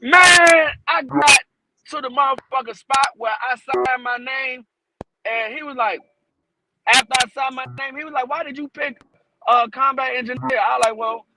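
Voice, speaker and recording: Man, high voice, gravelly, profane, animated, casual storytelling, background noise. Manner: profane, animated storytelling, pitch jumps when acting out his own alarm. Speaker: podcast guest. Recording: noisy podcast recording.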